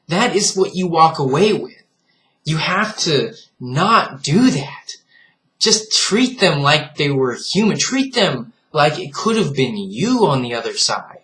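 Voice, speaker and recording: A man's voice: fairly high pitch, big pitch swings, slow pace, a bit bright. Earnest man lecturing his viewers. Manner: earnest and reflective, lecturing the viewer with frequent direct appeals; laughs at what he finds foolish. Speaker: vlogger. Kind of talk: casual vlog monologue.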